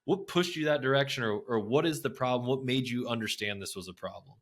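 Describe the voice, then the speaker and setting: A man's voice: medium pitch, fairly quick, a bit bright. A man hosting a podcast, chatting casually and joking with rhetorical questions. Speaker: podcast host. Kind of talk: casual interview talk.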